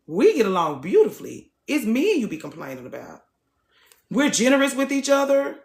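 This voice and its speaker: A woman's voice: on the high side, huge pitch swings, moderate pace, darkish tone. Woman, live-stream host, blunt, preachy, cursing, echoey room. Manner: blunt, preachy, swears freely. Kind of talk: casual live-stream talk to viewers.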